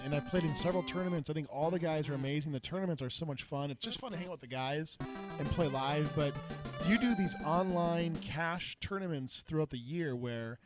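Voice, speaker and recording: A man co-commentating a retro football game tournament, earnest and chatty in his analysis. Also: on the high side. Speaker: co-commentator and player.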